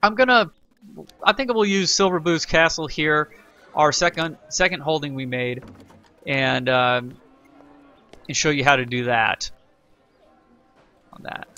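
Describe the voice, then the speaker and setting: A man's voice: fairly high pitch, measured pace, long pauses, sharp tone, clean tone, lo-fi sound. Chatty man narrating a strategy game. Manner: chatty, rambling, reads game text aloud, self-correcting. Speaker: let's play host. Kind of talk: casual gameplay tutorial commentary.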